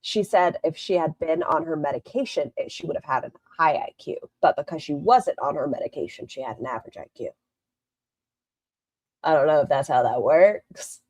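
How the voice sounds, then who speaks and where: A woman's voice: deep voice, animated, moderate pace, a little mellow, no room sound. A woman hosting a live stream, giving blunt, sarcastic reaction commentary and swearing freely.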